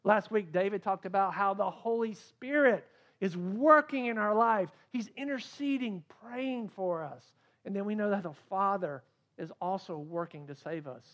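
A man preaching a sermon as a pastor, swinging between loud emphasis and quiet asides. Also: sits high, moderate pace.

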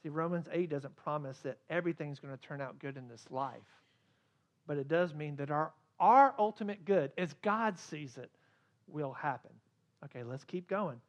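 A man preaching a sermon as a pastor, swinging between loud emphasis and quiet asides. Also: on the high side, animated, normal speed.

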